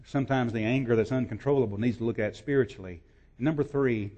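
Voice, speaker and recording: A man preaching a sermon as pastor, repeating his points and rising from quiet storytelling to loud emphatic preaching. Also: medium pitch, normal speed. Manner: builds from quiet to shouting, repetitive emphatic preaching.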